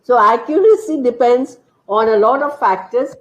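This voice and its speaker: A woman with an Indian English accent giving an online teacher training lecture, explaining slowly, stressing key words and quizzing her listeners. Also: on the high side. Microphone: computer mic on a video call. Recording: dull lo-fi video call audio.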